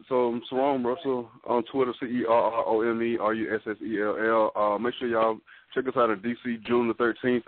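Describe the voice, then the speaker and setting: A man comedian giving a quick promo rundown, heard over a phone-like line with faint noise. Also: on the low side. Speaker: comedian guest. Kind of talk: casual podcast chat.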